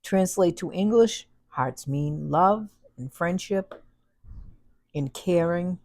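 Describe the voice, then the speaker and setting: Slow, gravelly-voiced tired woman. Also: lowish voice, a little mellow, no room sound. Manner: tired, yawning. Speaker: co-host. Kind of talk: casual chat.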